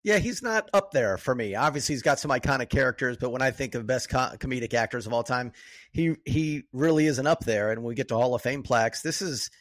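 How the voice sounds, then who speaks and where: A man's voice: medium pitch, expressive, fast talker, a bit bright, no echo. A man co-hosting a movie podcast in loose, chatty talk that speeds up in bursts. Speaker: podcast co-host. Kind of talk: casual movie chat.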